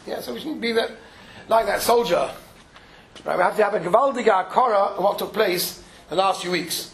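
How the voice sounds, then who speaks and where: Man, high voice, informal Torah lecture, conversational, mixes Yiddish and Hebrew terms into English, faint background hiss. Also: normal speed, gravelly, a bit bright, low-quality recording. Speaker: rabbi giving a Torah talk.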